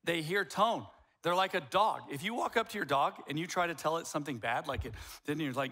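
A man's voice: fairly high pitch, fairly quick, pushed and bright. A man in his fifties preaching a sermon as a pastor, blunt and emphatic, with wry jokes.

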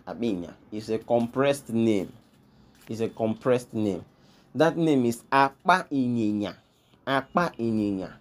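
A man's voice: mid-range voice, dark tone. A man, hosting a history lesson, walking through a pictured list and repeating each name with emphasis. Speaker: history channel host. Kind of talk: explaining pictured lists of names.

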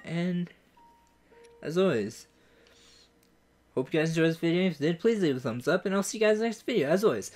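A gaming YouTuber giving let's play commentary, excitable and goofy, swearing often and mocking themselves. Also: medium pitch, a little fast, long pauses.

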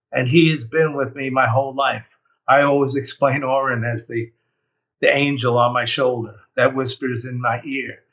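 A man's voice: mid-range voice, fairly bright tone. Earnest man telling his story, slightly distant. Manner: earnest, heartfelt storytelling with frequent "you know". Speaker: near-death experience survivor. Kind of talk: personal testimony.

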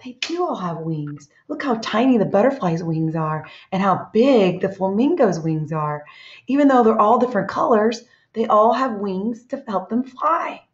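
A woman teacher talks young children through a read-aloud lesson, gentle and expressive, often stopping to ask them questions. Her voice sits at a middling pitch. The room is echoey and the sound is dull and lo-fi. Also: normal speed.

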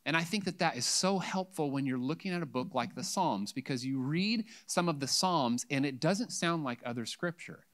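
A man's voice: fairly high pitch, animated, normal speed, few pauses, fairly bright tone. A male pastor giving a sermon in church, talking casually and acting out the voices of the psalm writers.

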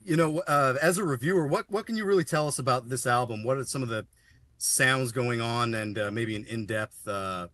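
A man's voice: mid-range voice, normal speed, fairly bright tone. A man hosting a podcast, asking his guest questions in an easygoing, rambling way with many uhs. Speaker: podcast host. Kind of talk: casual chat.

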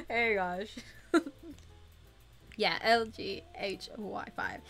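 A young woman co-hosts a gaming livestream, chatting casually and giggling as she greets viewers by name. Her medium-pitched voice swings widely in pitch, moves very slowly and has a fairly bright tone, with soft music behind her.

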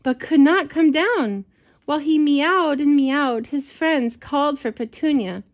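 A woman reading a picture book aloud to a child, gentle and expressive, with chatty asides. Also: high-pitched, a little slow, dull audio. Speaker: storyteller for children. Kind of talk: read-aloud storytelling to a child.

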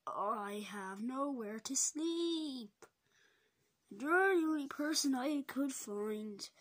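A woman's voice: sits high, expressive, slow pace, no room sound, heavily acted. A woman doing Little Moo Cow, a pushy cow. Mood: pleading. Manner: boastful, cheerfully pushy. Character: cheerful pushy male cow houseguest.

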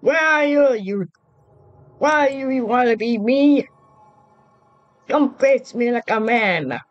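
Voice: medium pitch, expressive, slow, no room sound, dull audio. Luigi, a performer doing a jumpy scared plumber man. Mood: defiant. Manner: frantic cries and pleading, repeating himself. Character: timid young adult plumber man, jumpy and easily scared. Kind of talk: fan-made Minecraft role-play.

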